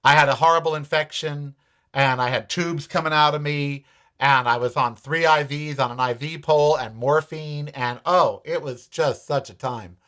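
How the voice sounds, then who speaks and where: A man's voice: a little high, fairly even intonation, normal speed, bright, forceful tone. An American man hosting a show, telling a personal story and ranting bluntly with profanity. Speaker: host. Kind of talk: opinionated monologue.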